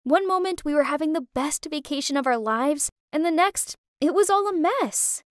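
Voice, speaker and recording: A young woman narrating a dramatic first-person story in a lively, emotive way. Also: sits high, normal speed, no echo, clean studio sound.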